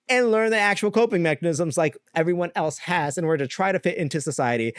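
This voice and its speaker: A young man hosting a solo podcast, talking candidly in a rambling way, full of fillers and quick laughs. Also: sits high, no room sound, studio quality. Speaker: podcast host. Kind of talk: casual solo podcast rant.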